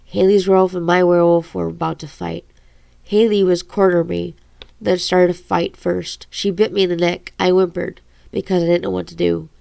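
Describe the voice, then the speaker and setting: A woman reading her own novel aloud in a halting way, with stumbles and self-corrections. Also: lowish voice, flat delivery, vocal fry, mellow, no room sound.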